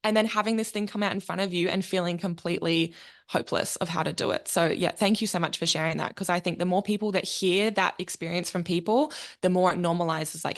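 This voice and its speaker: A woman who works as a speaking coach, chatting as a podcast guest in an enthusiastic, expressive way and swearing freely. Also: on the low side, a little fast. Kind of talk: casual interview chat.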